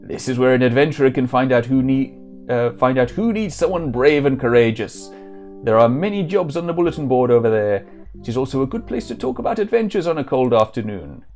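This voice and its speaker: A man doing a booming old guildmaster. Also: expressive, brisk, a little mellow, soft background music, lightly acted. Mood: nostalgic. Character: aging male guildmaster, nostalgic and chatty.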